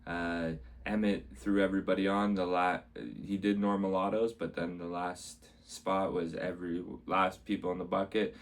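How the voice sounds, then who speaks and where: A man with a low voice tells his week's stories in a loose, rambling way, and he keeps coming back to the same upbeat words. He is a comedian talking to camera about his shows, and he sometimes acts out what other people said. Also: little pitch movement, normal speed, few pauses. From Canada. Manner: rambling, repeats "amazing", acts out quotes. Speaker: stand-up comedian vlogging. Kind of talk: casual rambling recap.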